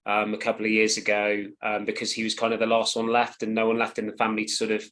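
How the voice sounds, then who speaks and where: A man in his forties with an English accent talks in a flat, level tone as a podcast guest. He speaks at an easy pace, with frequent ums and rhetorical tag questions. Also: lowish voice, quick pace. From England. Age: 40s. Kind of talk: casual interview chat.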